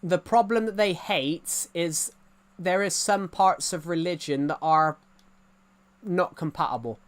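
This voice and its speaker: Halting rural English streamer. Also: mid-range voice. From England. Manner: halting, many restarts and repeated phrases. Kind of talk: livestream chat answering viewer comments.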